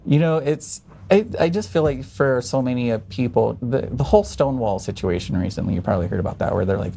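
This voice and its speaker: A man's voice: medium pitch, fast talker, creaky, hardly any pauses, mellow, slight background noise. A man appearing as a guest on a podcast, speaking bluntly and provocatively in casual chat.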